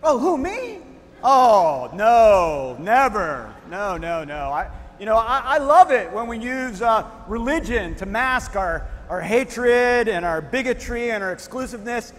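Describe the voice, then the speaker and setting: A man's voice: sits high, sing-song, measured pace, fairly bright tone, big-room sound, heavily acted. A man acting a rabbi figure in a church skit, dryly sarcastic and soothing. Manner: dry sarcasm, then soothing.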